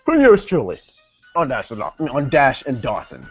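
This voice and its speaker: A man's voice: medium pitch, wildly swooping pitch, normal speed, husky. A young man casually reviewing a wrestling show, rambling with many fillers and self-corrections. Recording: dull lo-fi sound, faint music behind.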